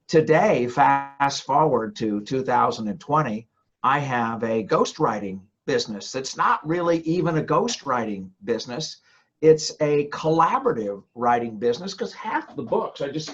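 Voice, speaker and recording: Older man, American accent, lively up-and-down delivery, chatty, repeats words, slightly dull audio. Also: mid-range voice, husky. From United States. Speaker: podcast guest, ghostwriter. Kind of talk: casual interview chat.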